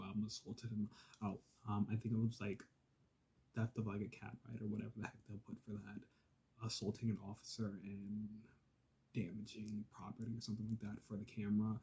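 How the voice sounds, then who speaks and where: A man vlogger telling a casual, profane story, swinging from loud exasperated outbursts to hushed asides. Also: lowish voice, breathy edge.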